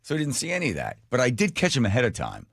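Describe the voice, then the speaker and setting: A middle-aged man hosting a radio show, telling a story in a casual, animated, self-mocking way. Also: medium pitch, very fast, no echo, studio quality. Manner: animated, self-mocking, laughs at his own stories. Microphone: studio microphone.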